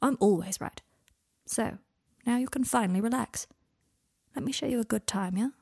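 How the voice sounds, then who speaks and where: A woman's voice: fairly high pitch, moderate pace, gravelly, a little mellow, husky. A woman voicing a confident, coaxing young man in a spoken fan fiction reading. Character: young man, earnest and self-assured.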